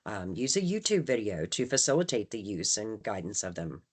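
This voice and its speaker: A woman's voice: very deep voice, sing-song, normal speed, breathy edge. A woman leading a staff training session, talking conversationally and often checking in with "right?". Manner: acts out phrases with shifting emphasis. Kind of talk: training presentation.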